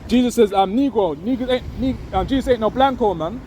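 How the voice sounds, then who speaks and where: High-voiced man preaching in the wind. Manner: rambling, tags lines with "man" and "innit"; reads scripture slow and loud. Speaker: street preacher. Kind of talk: informal religious preaching. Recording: windy outdoor recording with wind noise on the mic.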